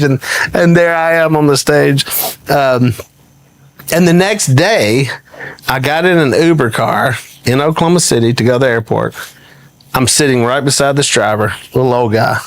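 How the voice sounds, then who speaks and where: Lively man telling a funny story. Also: a little high, normal speed. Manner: animated, laughs often while telling stories. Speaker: guest. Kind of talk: anecdotal storytelling in conversation.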